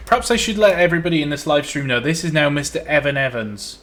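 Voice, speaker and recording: A Welsh man hosts a live stream, chatting casually while playing, rambling and joking as he reads out viewer comments. His voice is a little high, expressive, and fairly bright, with a quick pace. The background is noisy.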